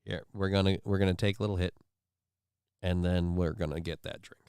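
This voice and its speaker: This livestream host has a low, clear, resonant voice, a little mellow, with fairly even intonation and a slightly fast pace. He reads viewer comments and news aloud with sarcastic asides, in a dry, clean studio recording.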